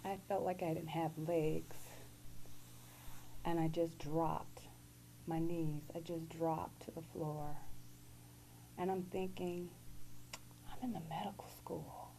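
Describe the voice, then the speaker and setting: Low gravelly-voiced woman telling her story. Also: level tone, slow pace, long pauses, dark tone, slight background noise, poor audio. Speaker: guest. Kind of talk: personal testimony.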